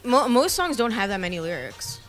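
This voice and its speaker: A woman's voice: on the high side, big pitch swings, a little fast, fairly bright tone, faint music behind. A woman co-hosting a podcast, talking in an easygoing way with lots of filler words. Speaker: podcast co-host. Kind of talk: casual chat.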